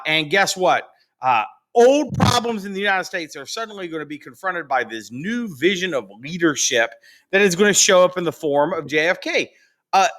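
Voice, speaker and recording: Brief: high, animated male history teacher, casual and chatty, lots of "you know" and "uh". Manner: casual, chatty, many fillers, acts out quotes. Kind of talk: recorded classroom lecture.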